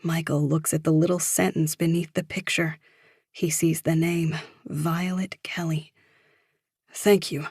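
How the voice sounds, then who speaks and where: A woman narrating a psychological thriller audiobook in a steady, measured storytelling voice. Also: deep voice, breathy edge, no room sound, studio quality.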